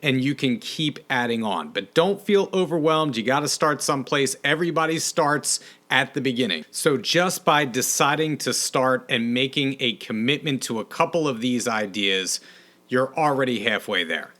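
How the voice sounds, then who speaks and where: A man's voice: mid-range voice, moderate pace, pushed and bright. A man hosting a podcast, closing the episode in an encouraging, reassuring way. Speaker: podcast host. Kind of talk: podcast outro.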